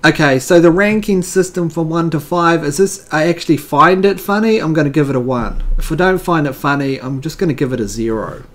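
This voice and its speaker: A man's voice: on the high side, expressive, brisk, few pauses. A man hosting a casual video, reading jokes aloud and giving wry, rambling commentary with fillers.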